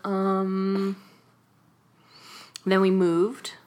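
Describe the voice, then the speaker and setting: A woman's voice: mid-range voice, completely flat delivery, drawn-out words, darkish tone. A young adult woman from California, chatting casually as an interview guest and laughing often. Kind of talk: casual conversation.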